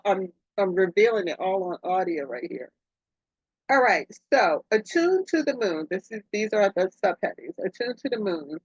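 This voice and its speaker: Excitable woman reading oracle cards. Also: slightly rough, no room sound, dull audio. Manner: effusive, excitable, swoops up and down in pitch. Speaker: podcast host, oracle card reader. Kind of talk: casual spiritual card reading.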